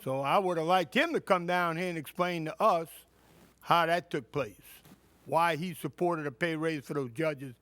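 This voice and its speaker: A man's voice: fairly high pitch, moderate pace, a bit bright, no echo. A man from Louisiana making an indignant public comment at a city council meeting, asking pointed rhetorical questions. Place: council chamber.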